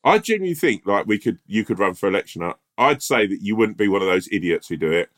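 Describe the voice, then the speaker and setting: A man's voice: on the low side, lively intonation, quick pace, fairly bright tone. A man co-hosting a comedy podcast, rambling and swearing as he spins a story. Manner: rambling, swears, laughs often. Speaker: podcast co-host. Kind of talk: casual comedy chat.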